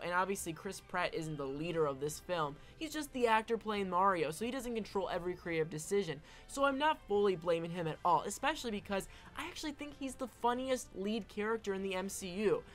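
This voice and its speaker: A woman's voice: medium pitch, animated, a little fast, few pauses, soft background music. A woman giving casual opinion commentary as an online film commentator, emphatic and often tagging her points with "all right?".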